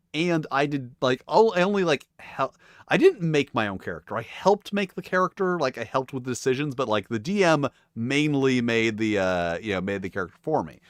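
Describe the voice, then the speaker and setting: A man's voice: mid-range voice, fairly bright tone, dry recording, clean studio sound. Man telling rambling game stories. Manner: rambling, swears, self-mocking, laughs often. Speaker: tabletop game video host. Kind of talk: casual chat.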